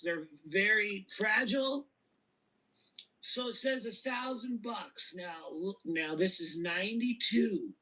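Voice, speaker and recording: A man in his fifties, a guest telling an animated and emotional story in a casual interview. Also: high-pitched, slightly rough, poor audio. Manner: animated, emotional storyteller who repeats and restarts.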